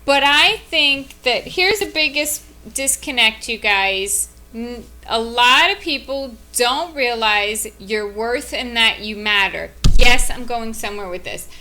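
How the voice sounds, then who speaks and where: A woman co-hosts a casual podcast, with a high and bright voice. She speaks earnestly and offers sincere advice to her listeners. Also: lively intonation, slow pace, hardly any pauses, slight background noise. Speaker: podcast co-host. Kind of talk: casual chat.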